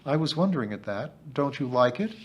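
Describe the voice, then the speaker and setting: A man's voice: mid-range voice, very animated, fairly quick, lo-fi sound. A man voicing an earnest, eager young girl in a storybook reading.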